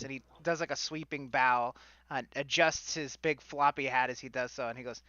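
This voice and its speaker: A man's voice: mid-range voice, fairly even intonation, moderate pace, bright, forceful tone, no room sound, highs cut off. A man narrating as game master of a tabletop game, with frequent hesitations. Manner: hesitant, with many fillers.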